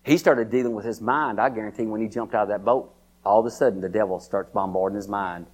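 A man preaching a sermon. His folksy delivery circles back on itself with repeated words and stray fillers. As he preaches he climbs to a high, excited pitch, calling out to his listeners by name. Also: quick pace.

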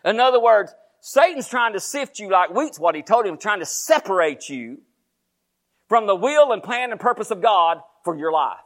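A Texan-accented man preaching a sermon in a fairly high voice. His pitch rises and falls a lot as he tells the story, and he keeps turning to the congregation with questions. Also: normal speed. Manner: animated storytelling, asking the congregation questions, laughing asides.

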